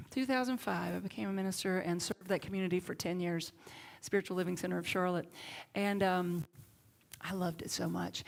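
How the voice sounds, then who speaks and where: A middle-aged woman with a Southern accent, a minister giving a sermon in lively storytelling that sometimes drops to soft, hushed tones. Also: medium pitch, gravelly.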